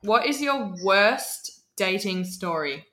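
A woman's voice: medium pitch, expressive, slow, background noise. A woman hosting a casual podcast interview, asking questions and tossing in playful quips. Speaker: podcast host. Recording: roomy echo.

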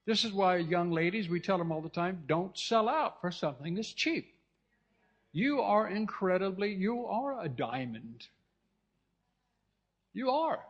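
A pastor from California delivers a fervent sermon in a slightly higher-than-usual man's voice, repeating phrases and breaking off to check in with his listeners. The sound is a dull, lo-fi recording. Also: lively intonation, measured pace, pauses often. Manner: fervent, repetitive preaching with restarts and asides to the congregation.

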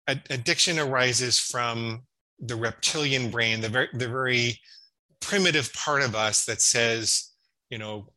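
A psychologist guest in his fifties talks a little slowly, his mid-range voice sharp in tone, captured on a rough recording. His interview answers are explanatory stories, full of restarts.

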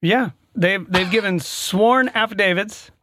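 A man's voice: high-pitched, bright, forceful tone, no echo, studio quality. A man co-hosting a podcast in casual chat who often stammers and restarts his sentences. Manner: stammers and restarts, quick laugh. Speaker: podcast co-host.

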